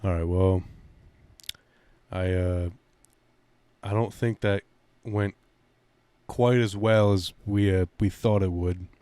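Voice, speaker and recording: A man co-hosting a comedy podcast who talks in a hesitant, halting way with many fillers. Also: deep voice, steady tone, mellow, smooth, no echo. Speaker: podcast co-host. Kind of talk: casual chat.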